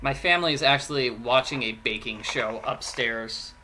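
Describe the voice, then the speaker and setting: A man's voice: medium pitch, moderate pace, crowd noise, rough recording. A man chatting casually while streaming a video game, rambling from topic to topic and answering viewer comments. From United States. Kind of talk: casual chat over gameplay. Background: game music.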